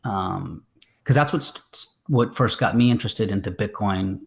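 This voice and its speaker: A man's voice: on the low side, measured pace, gravelly. A man, a filmmaker guest, chatting casually on a video call, rambling with many fillers and restarts. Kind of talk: casual interview chat.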